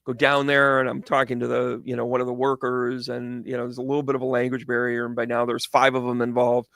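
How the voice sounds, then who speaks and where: A man's voice: mid-range voice, fast talker, gravelly, no echo, studio quality. A man hosting his own show as a psychic medium, telling a rambling, jokey story full of tangents. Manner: animated, tangent-prone, jokey.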